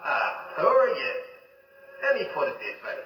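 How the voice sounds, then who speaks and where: A mocking Irish ghost gatekeeper. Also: male voice, sits high, sing-song, moderate pace, recorded from a distance, muffled recording. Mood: teasing. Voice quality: mocking, teasing banter. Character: sly wisecracking Irish male ghost gatekeeper. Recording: roomy game audio, faint noise.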